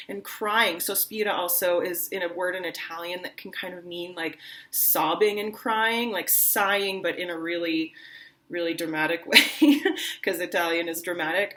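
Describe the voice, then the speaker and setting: A young adult woman teaching an online singing lesson, talking casually and acting out lines with lively drama. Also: medium pitch.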